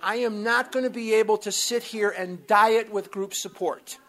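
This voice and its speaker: Addressing a live audience in a meeting room, this American speaker shares personal stories at a recovery workshop. The style is lively and frank, sprinkled with mild profanity and side remarks, delivered at a moderate pace in a medium pitch.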